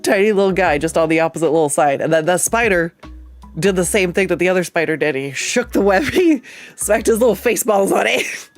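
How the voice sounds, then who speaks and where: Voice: mid-range voice, lively intonation, fairly quick, soft background music. An artist telling a rambling, profane story in a casual chat while drawing, laughing often along the way. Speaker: artist and streamer.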